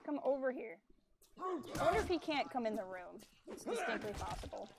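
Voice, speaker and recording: A woman's voice: fairly high pitch, very animated, moderate pace, creaky, very noisy. A woman streaming a video game, chatting casually, explaining mechanics and teasing enemies on screen. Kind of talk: casual gameplay commentary.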